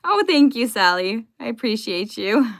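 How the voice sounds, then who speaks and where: A woman's voice: on the high side, sing-song, moderate pace. A young woman live streaming from home, chatting casually and greeting her viewers by name.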